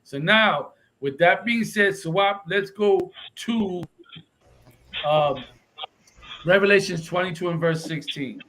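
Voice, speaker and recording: A man with a high, pushed, bright voice takes things slowly on a rough recording. He teaches the Bible confrontationally, alternating English with Spanish. Emphatic throughout, this religious instructor keeps demanding agreement with a repeated "right?"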